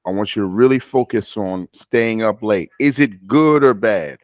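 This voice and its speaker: A low-pitched man leads a one-on-one speaking practice. He coaches patiently, breaks off to correct and restarts his sentences. The sound is dry and close, with no room around it. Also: expressive, normal speed, no echo. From United States. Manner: patient, coaching, self-interrupting. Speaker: speaking tutor.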